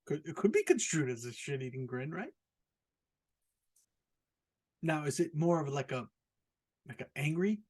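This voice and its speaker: An American man talks through a loose, rambling podcast rant with a husky, slightly raspy voice. His pitch sits a bit high and swings widely as he keeps getting more incredulous. He swears freely and is quick to laugh at his own jokes. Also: very animated, darkish tone. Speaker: podcast host. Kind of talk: casual solo podcast rant. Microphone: podcast microphone, also filmed.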